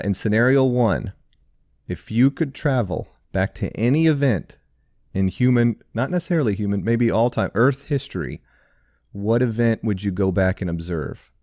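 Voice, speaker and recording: A man's voice: on the low side, darkish tone, no echo, studio quality. A man co-hosting a podcast in casual chat, easygoing as he sets up questions for his partner. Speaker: podcast co-host.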